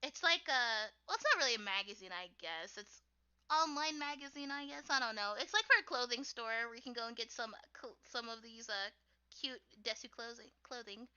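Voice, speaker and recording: A young woman from the United States chats casually while drawing on her art stream, rambling, giggling, and using lots of fillers. Her slightly high voice is expressive, bright, forceful, and smooth, moving a little fast, and the stream audio is dull and lo-fi.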